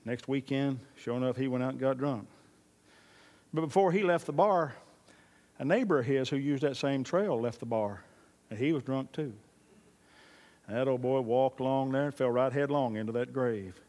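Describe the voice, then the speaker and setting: A man's voice: medium pitch, moderate pace, long pauses, darkish tone. A man preaching a sermon as pastor, emphatic and repeating his key lines, with folksy storytelling. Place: church. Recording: long reverb of a large hall.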